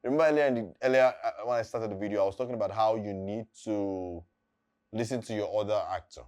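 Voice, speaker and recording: A man's voice: lowish voice, quick pace, darkish tone, clear, resonant tone. A man, an acting coach explaining how to deliver lines in a casual, emphatic teaching talk that repeats key points.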